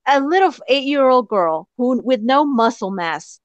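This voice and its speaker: A woman's voice: high voice, animated, moderate pace, no room sound, muffled recording. A woman hosting a casual podcast chat, ranting with lots of swearing and laughter. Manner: ranting, profane, laughs often. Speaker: podcast host.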